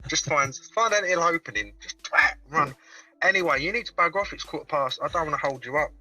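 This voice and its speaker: Cheeky British man with a bright voice. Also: fairly high pitch, animated, quick pace, distant mic, poor audio. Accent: British English. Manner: cheeky, swearing banter. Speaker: caller. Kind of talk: casual chat. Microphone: video call.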